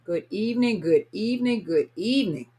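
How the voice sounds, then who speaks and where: A woman's voice: mid-range voice, animated, moderate pace. A woman hosting a casual live stream, greeting viewers one by one and sounding a little tired. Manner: warm, chatty, reads viewer names aloud. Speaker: livestream host greeting viewers. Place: at home, California.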